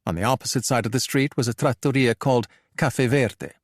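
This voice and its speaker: A man narrating a thriller audiobook in a measured, even storytelling manner. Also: mid-range voice, no echo, studio quality.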